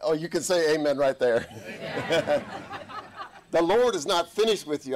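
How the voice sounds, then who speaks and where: Jovial folksy preacher man, fairly high voice. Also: expressive, normal speed, some chatter behind. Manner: jovial, chuckling, folksy asides. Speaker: army chaplain, guest preacher. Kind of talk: folksy sermon.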